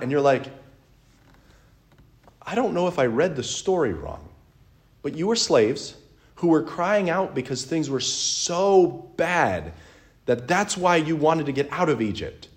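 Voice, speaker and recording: A man's voice: on the high side, a little slow. A man preaching a sermon in a conversational way, telling stories and acting out quotes. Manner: conversational, animated storytelling with acted-out quotes.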